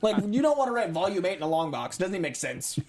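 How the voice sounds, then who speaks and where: A man co-hosting a podcast, chatting casually and eagerly about comics. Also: high voice. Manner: quick, excitable comic-book fan talk. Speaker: podcast co-host.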